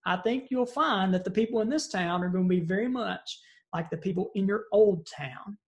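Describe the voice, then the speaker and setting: A wise old man sitting on a town bench, answering newcomers with calm, knowing replies, as a speaker acts him out in a story. His voice is lifted a little higher and stays unhurried and measured.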